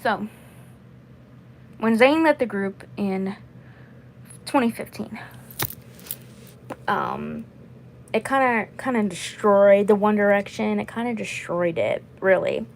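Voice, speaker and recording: A woman's voice: medium pitch, slow, pauses often, a little hiss or hum, low-quality recording. Rambling woman in her twenties. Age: 20s. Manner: rambling, repeats herself. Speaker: vlogger. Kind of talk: casual livestream chat.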